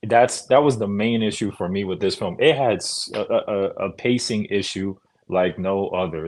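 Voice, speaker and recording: A man's voice: on the low side, moderate pace, hardly any pauses, a little mellow. A man co-hosting a film review chat, speaking in a laid-back, hesitant way with frequent fillers and slang. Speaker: podcast co-host reviewing films. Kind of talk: casual chat.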